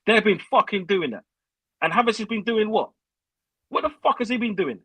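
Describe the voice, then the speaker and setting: A young man rants hotly as a fan caller, swearing freely and slipping into slang. His voice sits high and bright, with a husky edge. It sounds dry and close. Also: expressive, fairly quick, no echo, low-quality recording. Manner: swearing, heated, uses slang. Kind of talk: angry fan rant.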